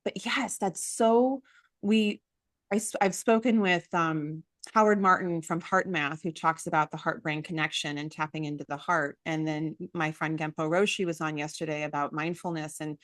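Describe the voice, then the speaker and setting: A woman in her forties hosts an interview in a slightly low voice, recorded close and dry. She gushes and cuts in often with her own stories. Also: steady tone, fairly bright tone, no room sound. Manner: emotional, gushing, quick to interject. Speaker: summit host. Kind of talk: casual interview chat.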